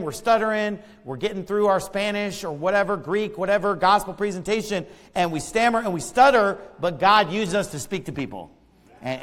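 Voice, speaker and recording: An American man delivers a sermon in a fairly high voice, emphatic one moment and chatty the next, often repeating himself. His voice rings out with the long reverb of a hall. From United States. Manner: emphatic and conversational, with asides and repeated words. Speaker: pastor.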